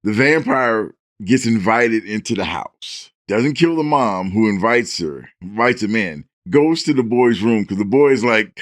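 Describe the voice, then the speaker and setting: A man's voice: on the low side, unhurried, few pauses, no echo. Podcast co-host: a man who tells stories with animation, acting out voices, in a dry room. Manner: animated storyteller who acts out the characters' lines; stammers and restarts in bursts. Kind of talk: casual chat, storytelling.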